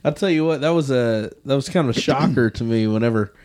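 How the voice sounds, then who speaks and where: A man co-hosting a casual podcast, jokey and quick to laugh, chiming in with short agreements. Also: medium pitch, darkish tone. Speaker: podcast co-host.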